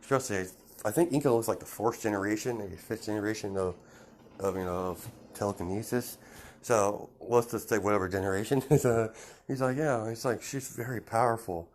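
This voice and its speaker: A man's voice: on the low side, a little fast, a little hiss or hum. A man telling an improvised story in a casual, rambling way, full of fillers and restarts. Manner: rambling, many fillers and restarts, laughs at himself.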